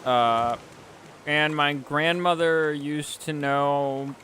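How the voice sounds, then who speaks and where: A man's voice: a little high, fairly even intonation, drawn-out words, a bit bright, slight background noise. A man chatting casually while streaming a game, rambling and self-deprecating, with frequent chuckles. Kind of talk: casual gaming chat.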